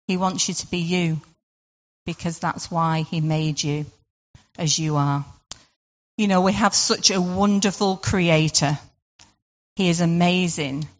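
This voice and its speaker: A woman's voice: lowish voice, fairly even intonation, measured pace, long pauses, big-room sound. A woman giving an informal devotional talk, chatty and full of rhetorical questions and "sort of" fillers. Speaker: devotional speaker. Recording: dull lo-fi recording.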